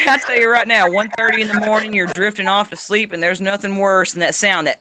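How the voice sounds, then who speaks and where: A man's voice: a little fast, hardly any pauses, heavy background noise. A man hosting a casual political chat, talking emphatically. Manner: emphatic, swings into high mock voices. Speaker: host.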